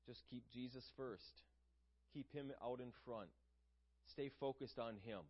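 A man's voice: mid-range voice, steady tone, unhurried, muffled recording. A man preaching a sermon in an earnest, conversational way, asking his listeners questions.

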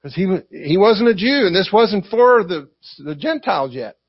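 A man with a Southern US accent preaching a lively sermon, acting out quotes and asking the congregation for responses. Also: high-pitched, moderate pace, breathy edge, no echo. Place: church. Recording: dry, dull lo-fi recording.

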